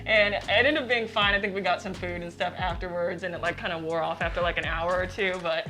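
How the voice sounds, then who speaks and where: A young woman in a casual interview, chatty and full of filler words, retelling a story with animated energy. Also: on the low side, brisk, soft background music. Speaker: delivery manager at a cannabis dispensary.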